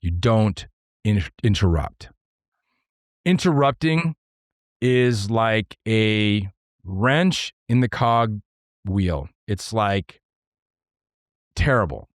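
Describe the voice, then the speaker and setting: A man talks solo on his podcast in a fairly low voice, laying out ideas point by point. He is earnest and now and then gets excitable. The recording is close and dry, with no room sound. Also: drawn-out words, pauses often, dry recording. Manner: earnest, explains step by step with numbered points; excitable at times. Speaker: podcast host. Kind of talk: solo podcast talk on leadership.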